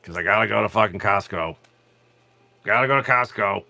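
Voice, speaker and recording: A man's voice: lowish voice, a little fast, vocal fry, bright, forceful tone, dry recording. A tired middle-aged man hosting a live card-opening stream, casually chatting, teasing viewers and swearing freely. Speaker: card-breaking stream host.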